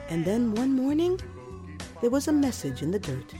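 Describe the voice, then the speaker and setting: A woman telling a first-person story in a wry, expressive way with dramatic emphasis. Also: a little high, moderate pace, faint music behind.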